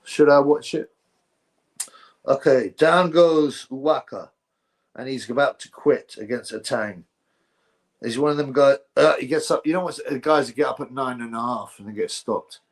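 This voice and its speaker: A man's voice: medium pitch, normal speed. Rambling sarcastic man streaming live. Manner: rambling, sarcastic, reads out chat. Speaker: livestream host. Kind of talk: casual livestream commentary.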